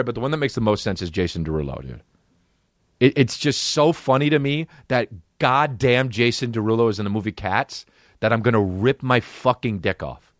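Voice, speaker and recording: A man hosting a comedy podcast, ranting excitably and swearing as he jumps between voices. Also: mid-range voice, dry recording, clean studio sound. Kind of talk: profane comedic rant.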